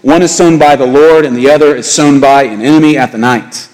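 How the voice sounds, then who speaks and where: Male pastor preaching a sermon; animated, climbs high on rhetorical questions; reverberant church hall. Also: fairly quick.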